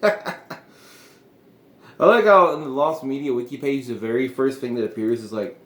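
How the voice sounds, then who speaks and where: A man's voice: medium pitch, moderate pace, fairly bright tone, reverberant. A man hosting a casual solo show, rambling through his thoughts with frequent chuckles and trailing off. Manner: meandering, chuckling often, trailing off. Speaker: podcast host.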